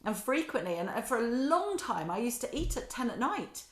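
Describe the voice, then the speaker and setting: A woman's voice: a little high, sing-song, moderate pace. A middle-aged woman, a guest talking reflectively and with animation, often acting out quotes and laughing at herself. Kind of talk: reflective conversational chat. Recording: roomy echo.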